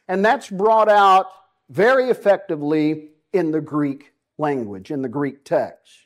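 A man's voice: fairly high pitch, expressive, a little slow. A man with a Southern US accent preaching a sermon as pastor, folksy and emphatic, with self-deprecating asides.

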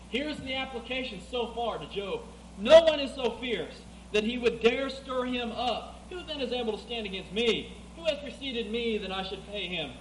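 A man preaching a sermon, reading scripture aloud, swinging between loud emphatic passages and quieter asides. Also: very high-pitched. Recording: echoey room with clear background noise.

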